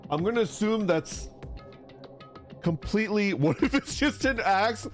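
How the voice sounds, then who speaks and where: A man streaming a game in a goofy, chatty way, with lots of laughter. His pitch bounces around as he jokes and reads dialogue aloud. Soft game music plays under his voice. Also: expressive, unhurried. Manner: goofy, laughing, jumps between silly voices and reading.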